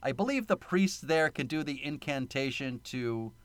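A man's voice: mid-range voice, expressive, moderate pace, clean tone, dry recording. A man co-hosting a casual film review podcast, sarcastic, laughing often and swearing freely. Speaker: podcast co-host.

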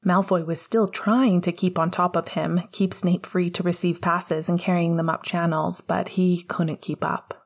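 A woman narrating a fan-fiction audiobook with steady storytelling, giving the dialogue small character voices. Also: lowish voice, measured pace, hardly any pauses.

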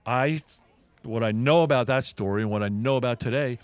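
A man's voice: medium pitch, a little fast, clean tone, no room sound. A man co-hosting a talk show, telling a personal story in a casual, earnest way with frequent restarts and emphatic turns. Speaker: podcast co-host.

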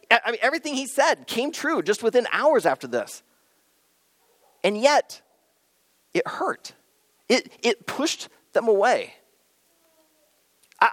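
Animated conversational preacher. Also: medium pitch, no room sound. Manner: conversational, storytelling, with humor and repeated restarts. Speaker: pastor. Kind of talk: sermon.

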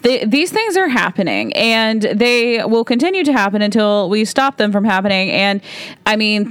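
A woman's voice: fairly high pitch, no echo. A woman hosting her opinion podcast, talking in a heated, fired-up rant. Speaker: podcast host.

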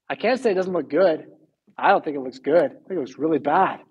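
A man's voice: a little high, brisk, breathy edge, highs cut off. A man preaching a sermon as pastor, emphatic and full of rhetorical questions.

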